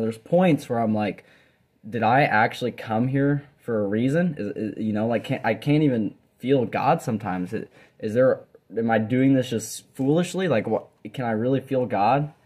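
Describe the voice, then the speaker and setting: A young man talks to camera from his dorm room, sharing an earnest devotional in a casual, rambling way. His voice is mellow and warm, set at an ordinary middle pitch, and he often restarts his sentences and fills gaps as he goes. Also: moderate pace. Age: young adult. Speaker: Bible college student sharing a devotional video.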